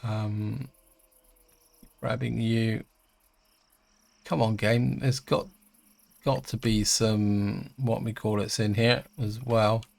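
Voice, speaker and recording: Gravelly man musing through a game. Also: lowish voice, little pitch movement, takes it slowly, pauses often, a little mellow. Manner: chatty, hesitant, thinks aloud with many ums. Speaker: gaming channel host. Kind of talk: casual let's-play commentary.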